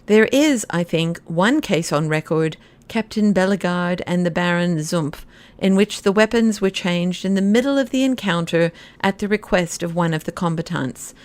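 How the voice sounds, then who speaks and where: A woman's voice: lowish voice, moderate pace, lightly acted. A woman reading an audiobook, voicing a formal male colonel who speaks of precedent.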